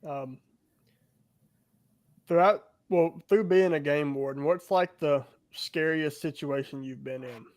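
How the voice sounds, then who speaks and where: Smooth-voiced chatty podcast host, a man. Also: on the high side, slow pace. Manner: rambling, filler-heavy. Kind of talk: casual chat.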